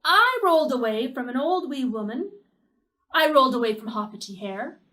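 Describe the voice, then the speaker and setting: A woman's voice: high-pitched, lively intonation, normal speed, pushed and bright, distant mic. A woman voicing a proud runaway pancake in a children's story, chanting its boast in a sing-song way. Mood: boastful.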